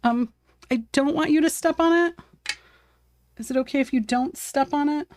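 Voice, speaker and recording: A woman's voice: high-pitched, normal speed, darkish tone, dry recording. A woman chatting casually on a live art stream while she paints at her home desk, talking to her cat and viewers and laughing often.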